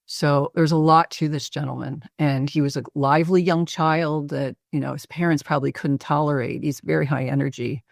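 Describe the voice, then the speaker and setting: Gravelly-voiced woman, halting case talk. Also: sits low, steady tone, dry recording, clean studio sound. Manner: hesitant, many pauses and fillers. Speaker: physician presenting a patient case. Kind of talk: case presentation in a webinar interview.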